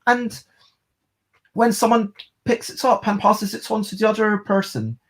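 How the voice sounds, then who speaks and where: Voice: mid-range voice, steady tone, unhurried. A board game reviewer, giving a casual, rambling video review and thinking aloud.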